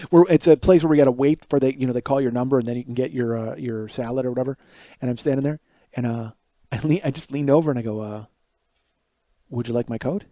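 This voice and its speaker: A man's voice: fairly high pitch, dark tone, no echo. A middle-aged man from Chicago hosting a podcast, telling a rambling comic story with frequent restarts and profanity. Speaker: podcast host. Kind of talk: casual comic monologue.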